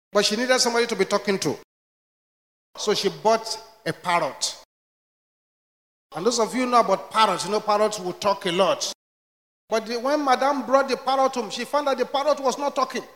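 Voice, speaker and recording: Emphatic preacher in echoing hall. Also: male voice, high-pitched, moderate pace, pauses often. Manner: storytelling, emphatic, rising to shouts. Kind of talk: sermon. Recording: echoey hall reverb.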